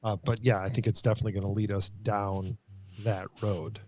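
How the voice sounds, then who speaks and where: A man co-hosting a podcast, explaining at a measured pace with frequent fillers. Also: lowish voice, flat delivery, warm tone. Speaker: podcast co-host. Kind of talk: casual chat.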